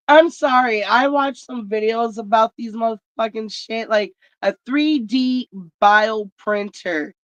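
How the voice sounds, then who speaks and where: A woman's voice: a little high, takes it slowly, no echo. Blunt, foul-mouthed woman ranting. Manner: profane, blunt storyteller. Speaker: vlog host. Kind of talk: casual ranting chat. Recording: dry, dull lo-fi sound.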